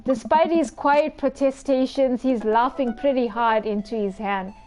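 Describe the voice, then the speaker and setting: Reading a dating game aloud for her gaming video, a woman drops in giggly, teasing, playful remarks as she goes. She speaks at a measured pace in a fairly high voice with a darkish tone.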